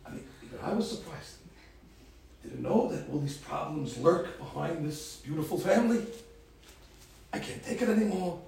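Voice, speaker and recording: Animated rabbi with a gravelly voice in an echoey room. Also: male voice, a little high, normal speed, long pauses, far from the mic, a little hiss or hum. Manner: animated storyteller acting out the people he quotes. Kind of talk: storytelling talk to a group of girls.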